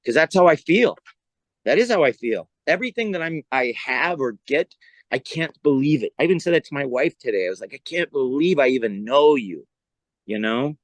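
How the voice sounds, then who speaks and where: A middle-aged male comedian from California, appearing as a guest on a casual podcast, tells stories in a lively, animated way. His voice is medium-pitched and fairly quick, and the recording is rough but has no echo.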